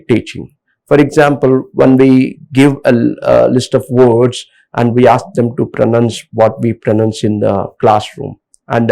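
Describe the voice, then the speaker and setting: A man with an Indian English accent giving a halting lecture on English pronunciation, with frequent fillers. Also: medium pitch, vocal fry, a little mellow. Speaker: English teacher. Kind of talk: lecture presentation.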